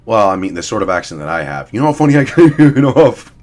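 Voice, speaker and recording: A man's voice: on the low side, sing-song, fast talker, darkish tone. A young man giving blunt, profane, rambling casual commentary as he ranks fitness figures. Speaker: fitness vlogger. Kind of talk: casual commentary ranking influencers.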